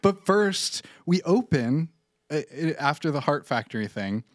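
A man's voice: a little high, very animated, unhurried, no room sound, clean studio sound. A man co-hosting a culture podcast, talking casually with frequent laughs and fillers. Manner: laughs often while describing, many fillers. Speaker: podcast co-host. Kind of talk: casual chat.

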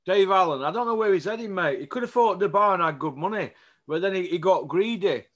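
High-pitched and fast-talking, this male boxing vlogger delivers a blunt, animated rant to camera. He keeps asking his audience to agree with his casual opinions.

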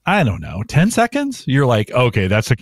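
A man's voice: mid-range voice, wildly swooping pitch, normal speed, no echo, studio quality. A man co-hosting a casual podcast chat, thinking aloud and restarting his sentences as he muses. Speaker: podcast co-host.

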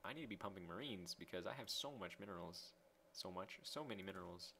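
A young man casually commentating his own game replay, excitable and self-mocking, swearing as he goes. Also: low voice, quick pace, vocal fry, slight background noise. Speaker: gameplay commentator.

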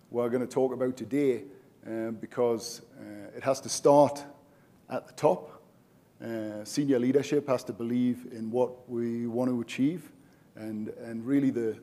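A man's voice: medium pitch, mellow. A man, a general manager, giving an informal conference presentation, chatty with frequent filler words.

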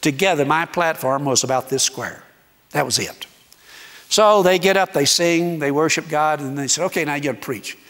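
A man preaching as a guest speaker, telling a story in an animated way and acting out the dialogue. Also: a little high. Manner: animated, acts out dialogue, dramatic pauses. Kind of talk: sermon storytelling. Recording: echoey hall reverb.

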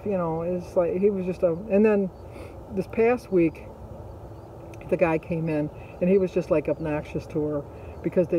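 A man's voice: on the high side, warm tone, a little hiss or hum, rough recording. A middle-aged man, vlogging and telling a story in a chatty, rambling way full of fillers. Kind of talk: casual storytelling.

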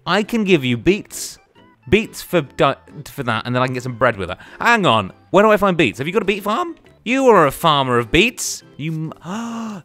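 Excitable man chatting over a game. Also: fairly high pitch. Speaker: gaming YouTuber. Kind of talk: playful Let's Play commentary.

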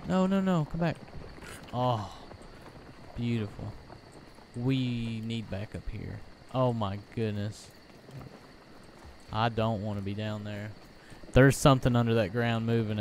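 A man's voice: lowish voice, unhurried, pauses often, a little mellow, a little hiss or hum. A young man giving let's play commentary, easily startled and talking to himself as he plays. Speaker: gaming YouTuber.

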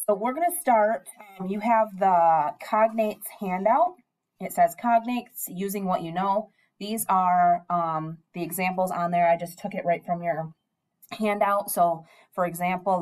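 A young woman gives a recorded lesson in a slightly low voice. She talks the class through it in an easygoing way and often pauses on an "um". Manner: relaxed teacher talk with frequent ums. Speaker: Spanish teacher.

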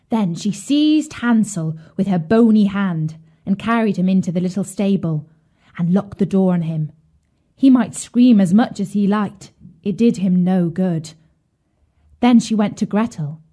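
Slow, lively woman storyteller. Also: mid-range voice. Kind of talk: children's story narration.

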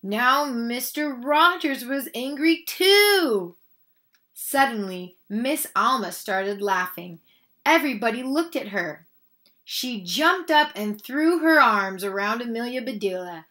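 A woman reading a children's picture book aloud, animated and expressive, speaking to young listeners. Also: fairly high pitch, slow pace. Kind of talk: children's read-aloud narration.

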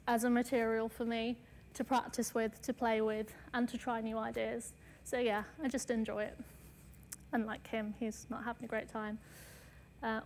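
A woman's voice: a little high, in a large hall, slight background noise. A woman artist giving a casual lecture, chatty, with many fillers and light self-mocking asides.

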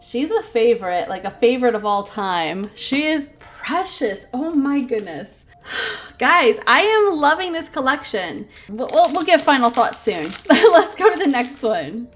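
A woman's voice: high-pitched, big pitch swings, unhurried, a bit bright, faint music behind. A woman hosting a casual toy unboxing, gushing and giggling over each cute figure.

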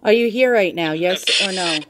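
A woman casually talking through a ghost hunting session at home, asking slow questions aloud with pauses in between. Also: mid-range voice, noisy background. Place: indoors at home with a dog nearby.

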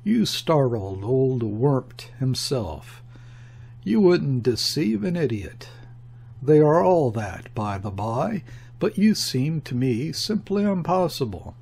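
A man's voice: medium pitch, sing-song, slow, vocal fry, slightly rough, heavily acted. A man voicing a mocking, condescending male embassy secretary who speaks sharply and grimly in an audiobook reading. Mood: scornful. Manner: sharp, grim, sneering.

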